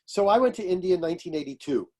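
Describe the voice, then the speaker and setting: Older man telling animated anecdotes. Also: high-pitched, rapid-fire. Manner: animated anecdotes, acting out quoted voices, laughing. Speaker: astrologer and author. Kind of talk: storytelling interview.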